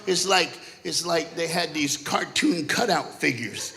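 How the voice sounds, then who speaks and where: A man with a high, bright, ringing voice preaching from a church stage. He tells comic family stories in short, punchy bursts. He slips into the voices of the people in them as he goes. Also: moderate pace, creaky, hardly any pauses. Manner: animated, punchy storyteller who acts out family characters. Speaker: guest preacher. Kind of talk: comedic storytelling sermon.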